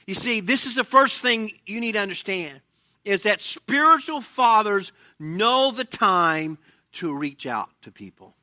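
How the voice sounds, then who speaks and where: Man, pastor, very bright tone, lively preaching, sermon. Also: high voice, normal speed, no room sound. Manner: animated preaching with asides and acted quotes. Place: church sanctuary.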